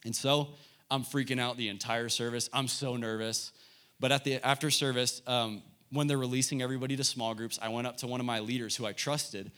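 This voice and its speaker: A man's voice: mid-range voice, fairly even intonation, a little fast, fairly bright tone. A young man in his twenties, a youth pastor giving an earnest sermon, telling a personal story to students.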